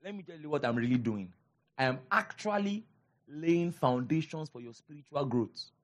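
A man with a Nigerian accent preaching a sermon as pastor, animated, repeating his lines for emphasis and calling out to the congregation. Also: fairly high pitch, moderate pace.

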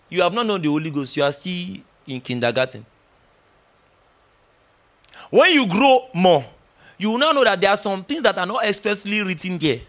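A man's voice: high-pitched, normal speed, long pauses. A middle-aged man preaching a sermon, emphatic and teasing, acting out little dialogues as he goes. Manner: animated, emphatic, teasing, with laughs and acted-out dialogue.

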